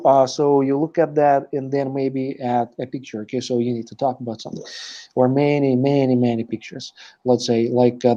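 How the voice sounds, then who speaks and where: A man's voice: medium pitch, dark tone, lo-fi sound. A male teacher giving a live online lesson, explaining step by step with many hesitant fillers. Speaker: language teacher.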